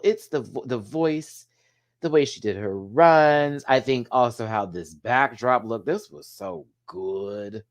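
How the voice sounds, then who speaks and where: A man hosting a casual solo review, animated and emotional, swearing freely and using drag slang, rambling with restarts and asides to his viewers. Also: mid-range voice, a little slow. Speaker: TV show reviewer.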